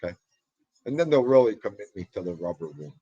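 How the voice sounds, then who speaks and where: A man with a New York accent hosts a live podcast, reading chat, chatting casually and jokingly shouting out viewers by name. His lowish, husky voice is sing-song and fast. The recording is dry, with the highs cut off.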